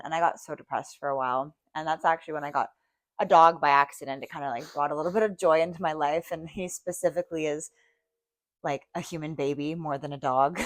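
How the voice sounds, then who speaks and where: A woman's voice: low-pitched, no room sound. A young adult woman co-hosting a podcast, telling personal stories candidly and emotionally, with frequent swearing. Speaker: podcast co-host. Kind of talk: casual chat.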